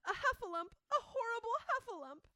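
A woman's voice: very animated, brisk, bright, forceful tone, no echo, full character voice. A woman voicing a tiny, timid male piglet who cries out in frantic panic. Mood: panicked. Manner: shrill frantic squealing cries.

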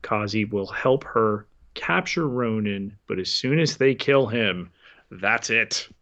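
A man with a mid-range voice who talks slowly and carefully, recapping a show on a podcast. His audio sounds dull and lo-fi, as if recorded on a lesser mic. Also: on the low side, expressive, a bit bright. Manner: measured, recapping scenes. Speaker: podcast co-host. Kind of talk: casual chat.

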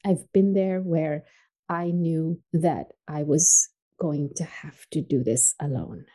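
A woman from Tanzania, a podcast guest, telling her personal story in an earnest, emphatic way that drops soft and low on painful points. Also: slow, poor audio.

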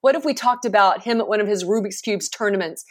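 A woman's voice: mid-range voice, fast. A woman in her forties, a professional speaker, talking animatedly and emphatically as a guest in a casual interview, often laughing.

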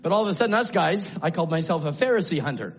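Male preacher, high-pitched, shouting sermon in a church sanctuary, muffled recording. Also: animated, very fast, breathy edge. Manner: swings from low musing to shouted exclamations.

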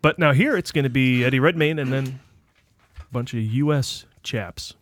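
A man's voice: mid-range voice, normal speed. A man co-hosting a movie podcast, bantering playfully with his guests. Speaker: podcast co-host. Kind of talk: casual podcast chat.

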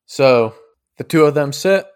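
A man's voice: on the high side, lively intonation, measured pace, a little mellow, smooth. A man narrating a tabletop game as game master, casual and rambling, with plenty of fillers.

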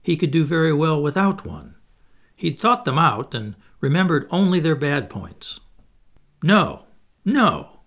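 A man narrating a classic storybook in a measured, expressive reading. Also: on the high side. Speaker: audiobook narrator.

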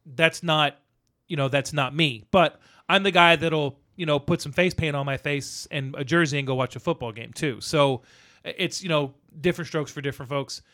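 Male podcast co-host, middle-aged, slightly high voice, rambling casual storyteller. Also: moderate pace. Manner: rambling, animated storyteller, acts out quotes. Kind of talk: casual movie chat.

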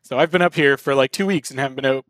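A young adult man hosting a casual podcast from a hotel room, relaxed and rambling, with plenty of fillers. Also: medium pitch, racing, no echo. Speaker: podcast host.

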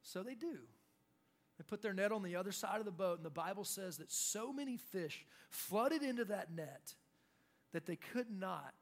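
A young adult male pastor preaching a sermon in an animated way, acting out quotes. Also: sits high, moderate pace. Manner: animated, acts out shouted quotes.

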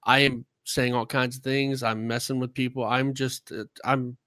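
A man's voice: medium pitch, level tone, normal speed, bright, forceful tone, dry recording. A man who streams games, telling a story in casual podcast chat, talkative and worked up. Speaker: streamer and gamer.

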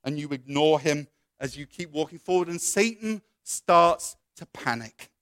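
A man delivers a sermon as a story told straight to the listener, then moves into prayer. His voice sits a little high. The sound is dry and close, with little room in it. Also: moderate pace, no room sound. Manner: storytelling, second person, with soft quoted voices. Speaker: preacher.

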